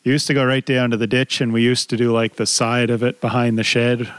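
A man's voice: mid-range voice, level tone, a bit bright, dry recording. A man co-hosting a podcast, telling a story among friends at an easy pace and laughing as he goes. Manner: unhurried, laughing through the story. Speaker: podcast co-host.

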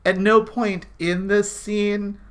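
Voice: mid-range voice, little pitch movement, slow pace. Rambling podcast co-host, loose and jokey. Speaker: podcast co-host recapping a TV episode. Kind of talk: casual chat.

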